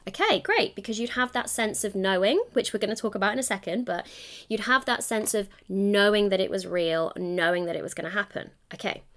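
A woman's voice: medium pitch, lively intonation, fairly quick, a bit bright. A young woman hosting a solo podcast, talking in a chatty, encouraging way and correcting herself mid-sentence. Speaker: podcast host. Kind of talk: solo coaching podcast monologue.

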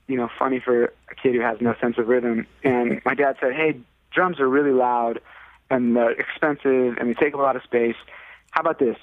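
Over a tinny, phone-like dry line, a Californian man appearing as a musician guest rambles casually through a story with lots of fillers. He raises his voice to act out quoted people, and his medium-pitched voice carries no room sound.

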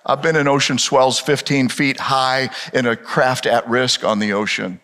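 A man's voice: medium pitch, little pitch movement, a little slow, fairly bright tone. A male pastor preaching a sermon with dramatic storytelling and rhetorical questions. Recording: reverberant hall.

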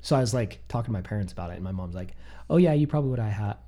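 A man in his thirties races through a personal story, talking very fast in a voice on the low side. It's a casual chat, and he animatedly quotes himself and the other people involved.

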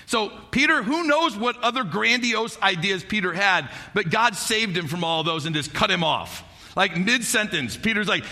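High, bright-voiced male pastor preaching. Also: moderate pace. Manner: animated storytelling with frequent "like" and "right?". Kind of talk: sermon.

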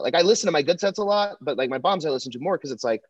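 A young man, a comedian, chatting casually in a rambling, profane, animated way. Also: fairly high pitch, racing, no echo. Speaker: comedian and podcast co-host. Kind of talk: casual chat. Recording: dull lo-fi dry sound.

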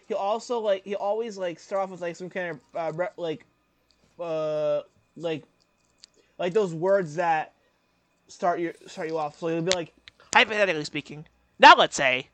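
Young man, high voice, rambling, filler-heavy, casual podcast, dry close sound. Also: moderate pace, no room sound. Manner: rambling, filler-heavy, breaks into loud impressions. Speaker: podcast co-host.

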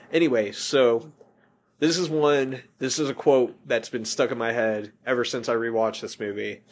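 A man's voice: medium pitch, a little hiss or hum. A man hosting a movie podcast in casual chat, rambling and often correcting himself. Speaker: podcast host.

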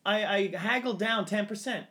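A man's voice: high-pitched, normal speed, sharp tone. A man from Canada chatting casually, rambling and slipping into mumbled quoted asides. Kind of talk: casual chat.

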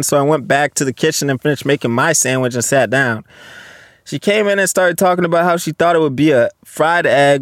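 Fairly high-pitched and recorded dry in a clean studio, this young man in his twenties reads posts on his solo podcast. He responds to each one loudly and bluntly, swearing a lot.

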